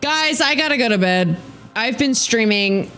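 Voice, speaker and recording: Animated playful woman streamer. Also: fairly high pitch, measured pace, faint music behind. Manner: playful, teasing, lively thanks to chat. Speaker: streamer hosting a confession stream. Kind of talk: casual live-stream chat.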